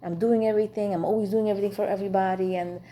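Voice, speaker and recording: A woman's voice: medium pitch, fairly even intonation, rapid-fire, dark tone, slight background noise. A woman teaching an informal class for women on marriage, chatty and frank, with humor.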